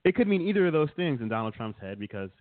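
A man's voice: medium pitch, big pitch swings, fast, no room sound. A man co-hosting a casual comedic chat show, rambling and teasing his co-host with frequent chuckles. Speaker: podcast co-host. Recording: dry, tinny phone-like sound.

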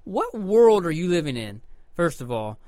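Guy cohosting a podcast, kinda high voice, rambly and swears a lot, dry close sound. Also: big pitch swings, normal speed, warm tone, no room sound. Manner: rambling, emphatic, swears freely. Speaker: podcast co-host. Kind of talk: casual profane chat.

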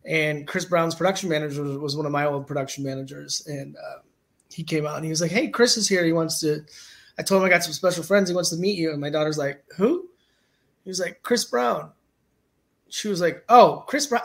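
Guesting on an interview show, a man in his forties who works as a music manager recounts stories loosely and with animation, laughing frequently. His gravelly voice runs a bit high, and he talks a little fast.

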